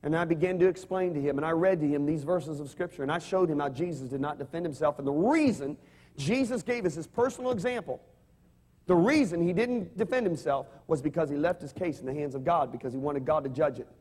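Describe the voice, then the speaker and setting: A man's voice: fairly high pitch, a little fast, a little mellow. A man preaching a sermon, telling stories animatedly and having the congregation repeat his words. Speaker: pastor.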